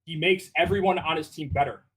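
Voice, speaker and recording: Male debater, high-pitched, insistent and repetitive, noisy call audio. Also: a little fast. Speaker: podcast debater. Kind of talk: casual live debate.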